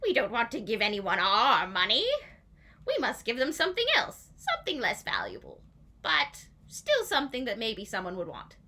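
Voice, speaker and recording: A woman's voice: huge pitch swings, moderate pace, bright, forceful tone, full character voice. A woman voicing a pompous, spoiled bad king who whines and bosses people around in a storybook. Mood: scheming. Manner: whiny, bossy, squealing up high.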